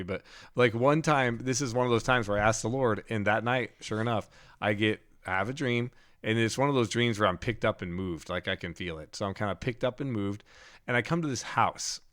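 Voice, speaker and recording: A man telling a dream story on a podcast in an animated, casual way, full of "like" fillers. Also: mid-range voice, fairly quick. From Denver area, USA. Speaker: podcast co-host.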